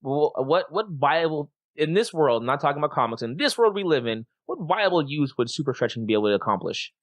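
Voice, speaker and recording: A man's voice: a little high, sing-song, a little fast, dry recording. A man hosting a casual podcast, talking things through at length and reading out poll results. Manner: chatty, reasons things out at length. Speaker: podcast host.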